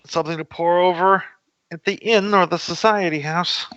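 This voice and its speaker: A man's voice: sits high, fairly even intonation, moderate pace, fairly bright tone, dry recording, muffled recording. A man playing a tabletop game casually, who speaks precisely and asks about the rules. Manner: precise, asks rule clarifications. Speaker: player.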